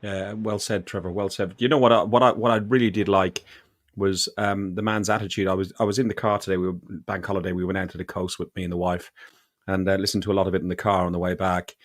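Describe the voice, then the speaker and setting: A man hosts a relaxed podcast chat, talking in a rambling, chatty way full of fillers and restarts. His voice sits fairly low. The sound is dry and close. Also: quick pace, dry recording. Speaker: podcast host. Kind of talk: casual chat.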